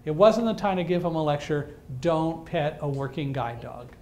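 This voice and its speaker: A man giving a talk to an audience, telling a story in a lively way with dry humor and acting out the lines of people in it. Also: a little high, moderate pace. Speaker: guest speaker.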